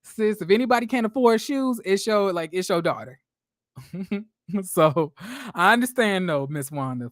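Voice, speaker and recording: A man's voice: high-pitched, expressive, moderate pace, dry recording, clean studio sound. A man giving casual, sassy, blunt commentary on a reality show, full of profanity and fillers. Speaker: reality TV recap vlogger.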